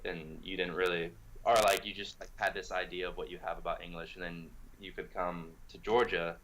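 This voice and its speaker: Very deep, flat-voiced young American man. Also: a little fast, poor audio. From United States. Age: young adult. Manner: relaxed, filler-heavy explaining. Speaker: language exchange partner. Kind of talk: casual video chat. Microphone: video call.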